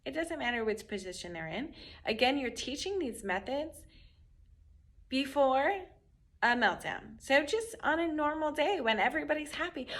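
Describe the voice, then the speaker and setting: A woman's voice: sits high, moderate pace. A middle-aged woman teaching parents how to handle tantrums in a conversational way, sometimes acting out quotes. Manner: conversational, acts out quotes with animated voices. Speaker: parenting coach. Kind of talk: instructional talk to camera.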